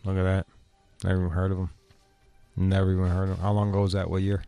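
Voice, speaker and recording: A brash male radio host with a gravelly edge to his voice, teasing his co-host with profane, crude banter. His delivery is needling and loud-mouthed, with faint music underneath. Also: low-pitched, completely flat delivery, quick pace.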